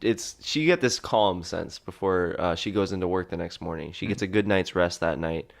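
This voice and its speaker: A man's voice: sits low, moderate pace, vocal fry. A young man co-hosting an improvised comedy podcast, narrating with frequent laughs and "and, uh" fillers. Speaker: podcast co-host.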